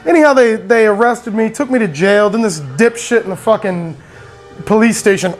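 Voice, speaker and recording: A man's voice: high-pitched, moderate pace, soft background music. A man telling a meandering personal story, swearing often, laughing a lot and getting worked up as he talks. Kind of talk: rambling personal anecdote.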